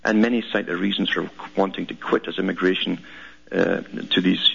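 A man's voice: sits low, fairly even intonation, normal speed, creaky, sharp tone, breathy edge. A man hosting a talk radio show, reading out news clippings in a rambling, sardonic monologue full of repeated words. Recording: dull lo-fi radio broadcast.

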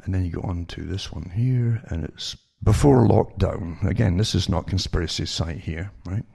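A man's voice: low voice, normal speed, creaky, dark tone, breathy edge. A man giving rambling commentary to his listeners, with many restarts and rhetorical questions. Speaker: online commentator reading news articles.

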